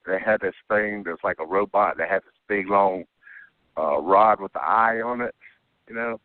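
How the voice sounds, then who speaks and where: Deep-voiced man on a tinny phone line. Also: moderate pace, dry recording. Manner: keeps tagging "okay?" and "you know". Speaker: caller telling an abduction story. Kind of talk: rambling first-person account.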